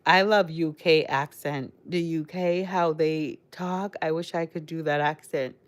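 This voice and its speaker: Slow, low-voiced Caribbean-American woman. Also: fairly even intonation. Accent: Caribbean mixed with American. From Caribbean, raised in Connecticut. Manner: chatty, rambling, addresses chat directly. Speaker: livestream host. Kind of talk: casual live-stream chat with viewers.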